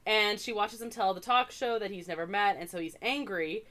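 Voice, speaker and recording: A woman's voice: medium pitch, brisk, a bit bright. A woman from Canada co-hosting a podcast, chatting casually as she recaps a movie, with lots of "like" and wry asides. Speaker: podcast co-host.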